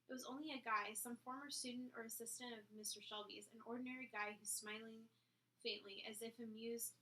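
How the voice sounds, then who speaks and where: A woman reads a novel aloud, expressive and lively, in a bright, clear voice that sits a little high. She sometimes trips over a phrase and starts it again. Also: a little fast, poor audio. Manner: expressive reading with a few slips and restarts. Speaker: book reader and co-host. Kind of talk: reading a novel aloud with casual discussion.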